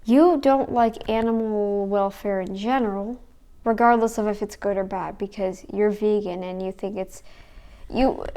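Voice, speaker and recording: A woman's voice: a little high, warm tone. A woman giving rambling, sarcastic reaction commentary who talks back to the video she is watching.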